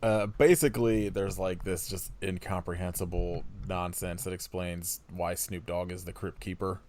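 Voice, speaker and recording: A man's voice: low voice, little pitch movement, moderate pace, darkish tone, slight background noise. A man co-hosting a podcast, chatting loosely about a film with dry sarcasm. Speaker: podcast co-host. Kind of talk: casual film-review chat.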